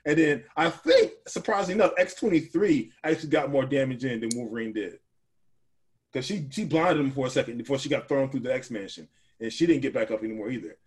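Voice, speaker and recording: Animated male podcast co-host. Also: mid-range voice, fast. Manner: animated, talks over partner, frequent restarts. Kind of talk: casual chat.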